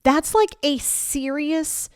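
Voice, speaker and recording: A woman's voice: high voice, lively intonation, slow pace, no echo, studio quality. A middle-aged woman hosting a self-help podcast, talking straight to listeners in a direct, emphatic, lecturing way. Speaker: podcast host.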